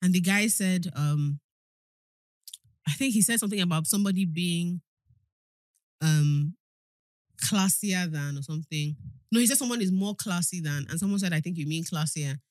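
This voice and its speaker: A woman co-hosting a podcast, telling stories in a lively, animated way. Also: on the low side, normal speed, pauses often, dry recording. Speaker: podcast co-host. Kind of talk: casual chat.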